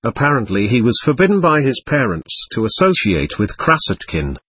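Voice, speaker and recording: A male audiobook narrator reads in a measured, expressive way, his pitch moving widely across each sentence. His voice is husky, and the recording is dry and close to the mic. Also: no echo. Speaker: audiobook reader.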